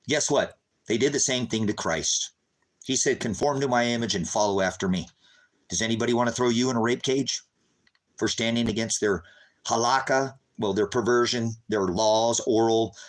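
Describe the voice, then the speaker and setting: A man delivering an impassioned, agitated monologue to his viewers, calling them brothers and sisters, sometimes rising to a loud, high-pitched telling. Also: low-quality recording. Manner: grows loud and high when recounting the raid. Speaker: street preacher vlogger.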